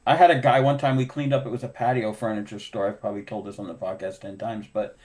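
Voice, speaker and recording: A man's voice: lowish voice, quick pace. A middle-aged man, a podcast host who cleans windows, telling work stories in casual chat and acting out both sides of old conversations. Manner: animated storyteller acting out dialogue.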